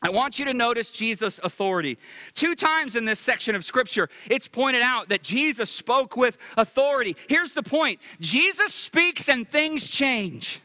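Emphatic high-voiced male preacher. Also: expressive, moderate pace, bright, forceful tone, no room sound. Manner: emphatic, repeats key phrases. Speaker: pastor. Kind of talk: sermon.

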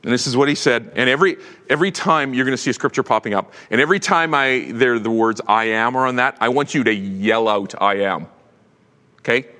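A man preaching a sermon with animated delivery, swinging from loud proclamation to hushed tones. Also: mid-range voice, brisk, long reverb tail. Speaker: pastor.

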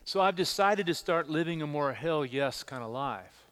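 A middle-aged male pastor preaching a sermon, telling personal stories in an animated way and repeating words as he stresses them. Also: a little high, moderate pace, big-room sound, background noise. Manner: animated storytelling, repeats words when emphasizing.

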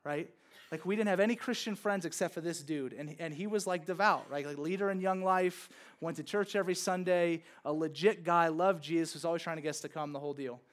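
A man's voice: on the high side, a little fast. A man preaching a sermon, telling a personal story in a casual, chatty way with many fillers. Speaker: pastor.

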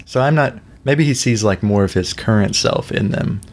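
A man's voice: fairly low pitch, moderate pace, a little hiss or hum. A man co-hosting a casual podcast, laid-back, swearing and laughing often. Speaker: podcast co-host.

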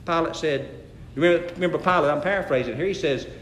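A man's voice: on the high side, fast talker, fairly bright tone, echoey room, slight background noise. A man preaching a sermon, telling stories and rising to emphatic scripture reading. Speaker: pastor.

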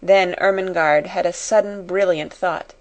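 A woman narrating an audiobook in a slow, measured reading voice. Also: lowish voice, fairly even intonation. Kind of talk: scripted narration.

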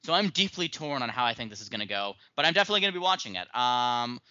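A man's voice: medium pitch, sing-song, racing, pushed and bright, clear, resonant tone, no echo, highs cut off. A man hosting a podcast in casual chat, rambling and self-mocking with lots of ums and uhs. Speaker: podcast host.

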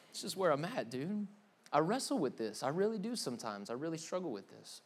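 A high-voiced young man with a drawl preaches in a loose, confessional way. He rambles candidly and fills his talk with "man" and "like". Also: big pitch swings, a little fast. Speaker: pastor. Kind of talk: casual confessional sermon. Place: church hall with live audience.

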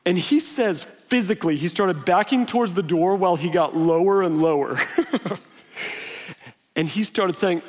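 High-voiced man preaching in a reverberant hall. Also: normal speed. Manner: conversational storytelling with laughs and acted-out quotes. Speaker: pastor. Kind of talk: sermon.

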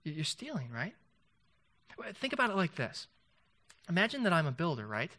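Bright-voiced man preaching conversationally. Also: fairly high pitch, sing-song, normal speed. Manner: conversational preaching, rhetorical questions, frequent restarts. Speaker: pastor. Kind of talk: sermon.

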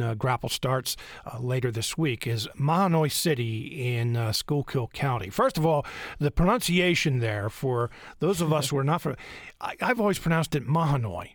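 A man hosting a radio talk show and interviewing guests, halting with frequent fillers. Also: medium pitch, no echo, studio quality.

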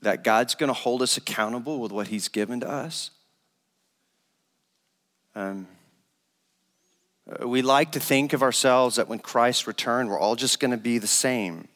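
A man, an associate pastor, preaching a sermon and retelling a parable in a relaxed, conversational way. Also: mid-range voice, unhurried, pauses often. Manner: conversational storytelling, retells a parable in casual everyday phrasing. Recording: long reverb of a large hall.

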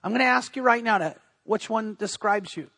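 A man's voice: high voice, brisk, creaky, pushed and bright. A man, the pastor, giving a sermon in an earnest, conversational preaching manner.

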